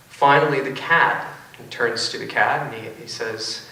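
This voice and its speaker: A man with a bright, forceful voice gives a lecture-style debate talk, wry and full of joking asides. He is picked up from a distance in a big auditorium, and his words ring with heavy echo. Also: medium pitch, normal speed. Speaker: philosophy professor. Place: large auditorium. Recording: echoey auditorium from far off.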